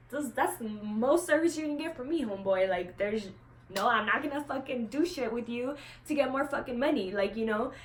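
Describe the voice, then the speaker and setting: A woman's voice: fairly high pitch, a little hiss or hum. A young woman vlogger telling a story in a chatty way, full of "like" and swearing, acting out what other people said. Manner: acts out what others said in lively quoted voices. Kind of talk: casual storytelling to camera.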